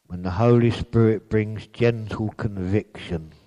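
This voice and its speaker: A man's voice: fairly low pitch, steady tone, a little slow, mellow, muffled recording. A man preaching a sermon in an earnest way, building to emphatic peaks on repeated phrases.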